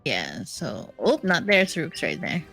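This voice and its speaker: A woman's voice: low-pitched, wildly swooping pitch, takes it slowly, creaky, a bit bright, faint music behind. A woman playing in a tabletop game, thinking aloud and second-guessing her moves. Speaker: player.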